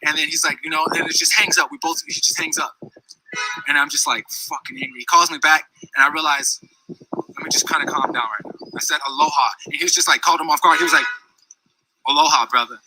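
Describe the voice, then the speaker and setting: A man's voice: on the high side, fairly even intonation, fast talker, pushed and bright, slight background noise, low-quality recording. A man telling a long personal story in a casual, heated, rambling way, full of restarts and asides. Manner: heated, rambling, many restarts and "you know what I'm saying". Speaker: storyteller recounting a dispute.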